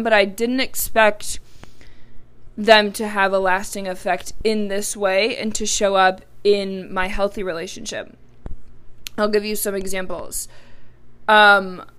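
A young woman hosts a personal podcast, talking in a frank, candid and rambling way and saying "like" a lot. Her mid-range voice is a bit bright and clean.

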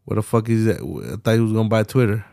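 A man's voice: on the low side, animated, fast talker, gravelly, warm tone, no room sound, clean studio sound. A young man hosting a solo podcast late at night, ranting bluntly with heavy profanity and slang. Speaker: podcast host.

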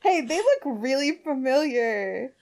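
A young woman with a high voice narrates a fan fiction aloud for a comedic show. She reads quickly and keeps breaking off to laugh and comment on the story. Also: big pitch swings, darkish tone.

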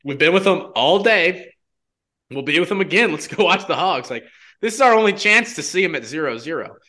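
Bright-voiced young man telling a story. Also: a little high, a little fast. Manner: animated, heavy use of "like" fillers. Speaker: guest telling a personal story. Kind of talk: casual storytelling chat.

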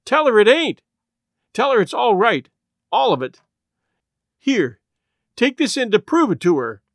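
A woman's voice: fairly low pitch, very animated, measured pace, no room sound, clean studio sound, voice pushed up. A man reading aloud voices a grieving middle-aged farm wife who talks with impassioned, pleading urgency. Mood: anguished. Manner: impassioned, pleading, voice rising with feeling.

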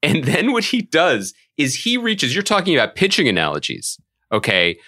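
A man co-hosting a casual pop-culture podcast, riffing through long comic stories. His voice is bright and forceful and swings widely in pitch as he gets into each bit. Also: normal speed. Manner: animated storyteller, jokey riffs. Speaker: podcast co-host.

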